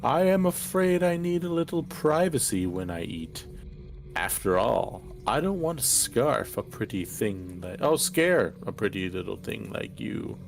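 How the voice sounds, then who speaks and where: A man voicing an eerie, alluring female fallen angel in a game, with a purring, gravelly delivery. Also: mid-range voice, very animated, a little slow, soft background music. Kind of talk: voice acting a game character.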